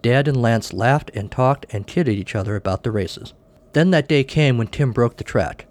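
A man's voice: medium pitch, moderate pace, a little mellow. A man hosting a podcast, reading a short story aloud and closing the show with offhand, dry remarks. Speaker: podcast host.

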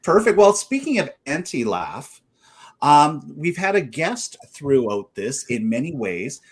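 A man hosts a podcast in casual talk, with a very lively, swooping pitch. He speaks bluntly and with emphasis. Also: a little slow, husky. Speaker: podcast host. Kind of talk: casual chat.

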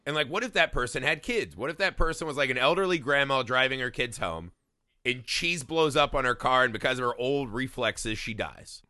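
A man from Indiana spins a wild story in casual podcast talk, swearing freely and laughing along. His voice is bright and forward, and the recording is dry and close. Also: mid-range voice, fairly quick, no echo. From Indiana, USA. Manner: profane, animated storytelling with frequent laughs. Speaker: podcast co-host. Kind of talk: casual chat.

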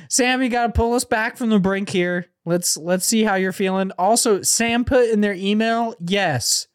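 A man's voice: high-pitched, normal speed, hardly any pauses, smooth. A man co-hosting a casual podcast, joking loosely and laughing often. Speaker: podcast co-host.

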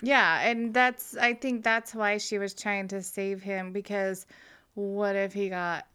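A woman's voice: medium pitch, flat delivery, slow pace, bright, forceful tone, clean tone. A woman co-hosting a podcast in casual chat, joking and swearing freely. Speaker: podcast co-host.

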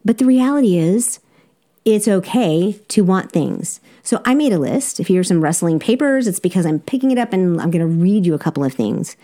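A woman's voice: on the low side, lively intonation, fairly quick, dark tone. A woman with a Southern accent, a life coach hosting a podcast, talking directly and encouragingly to her listeners with easy laughs. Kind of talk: solo podcast coaching talk.

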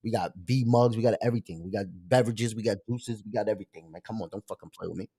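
A man hosting his own live stream in loose, casual chat, swearing freely and jumping up in pitch when he gets excited. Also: quick pace, husky, no room sound. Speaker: livestream show host.

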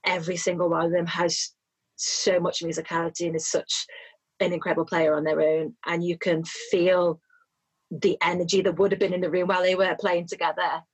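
A woman's voice: lowish voice, level tone, fairly quick, husky, low-quality recording. A woman guest on a podcast, a saxophone player, talking earnestly in casual chat and searching for her words.

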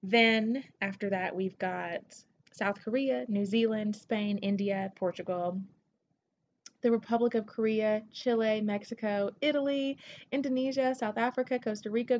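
A Southern-accented woman hosts her own podcast with gushing excitement, swearing freely as she talks. Her voice sits on the high side. The recording is dull and lo-fi, with a faint hiss underneath. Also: moderate pace. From Tennessee. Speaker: podcast host. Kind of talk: casual solo podcast shout-outs.

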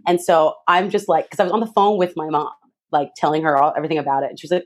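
A young woman telling a lively personal story as an interview guest, acting out other people's voices with big jumps in pitch. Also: rapid-fire. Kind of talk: animated storytelling.

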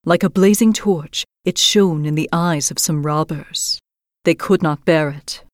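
A woman with a lowish voice, acting as a storytelling host, narrates a fairy tale in a measured, expressive reading. The sound is dry and close, with no room or echo around it.

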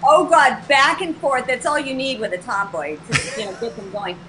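A woman guest on a talk show telling a personal story in an animated way, acting out both sides of the dialogue. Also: a little high, moderate pace, a little hiss or hum, poor audio.

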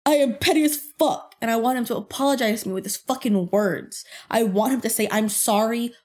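A young woman hosts a casual podcast, telling a petty workplace story full of swearing. Her voice sits a little high, and she tells it in an animated way. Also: a little fast. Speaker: podcast host.

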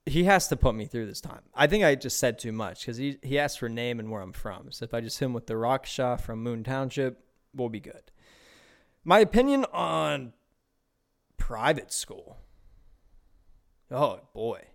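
A man's voice: mid-range voice, lively intonation, normal speed, gravelly, pauses often. A young man from Pittsburgh hosting a casual solo podcast, rambling and swearing with lots of laughs and repeated words. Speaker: podcast host.

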